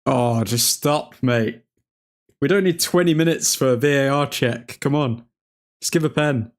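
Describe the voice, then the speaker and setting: A man hosting a live football watchalong, reacting to each chance with loud excitement and grumbling at the referee. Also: medium pitch, a little slow. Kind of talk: live match commentary.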